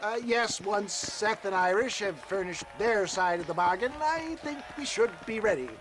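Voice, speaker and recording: A man's voice: high voice, animated, moderate pace. A pompous showman swindler. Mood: grandiose. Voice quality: pompous, flowery. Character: pompous con-man showman, grandiose. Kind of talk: video game cutscene acting. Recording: game audio with music behind.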